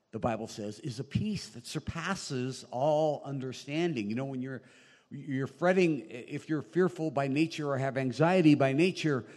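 A man preaching a sermon in a small room, animated and quoting scripture, joking now and then with the congregation. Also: mid-range voice, long reverb tail. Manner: animated, rising loud on emphasis, quoting scripture; jokey asides to the congregation. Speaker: pastor. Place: small room with long reverb.

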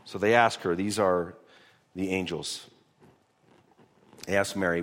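A man's voice: mid-range voice, lively intonation, slow pace, pauses often, a bit bright. A man, a pastor, teaching through a Bible passage in a conversational sermon, often repeating words as he restarts. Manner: conversational, repeats words when restarting, reads scripture aloud.

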